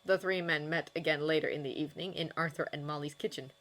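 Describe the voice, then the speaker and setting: A woman reading a fanfiction audiobook in a steady storytelling manner. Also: low-pitched, quick pace. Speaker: audiobook reader.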